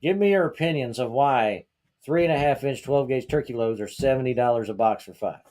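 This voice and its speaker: Male host from Georgia, mellow-toned, venting heatedly, lots of rhetorical questions; casual opinion podcast. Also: mid-range voice, a little fast.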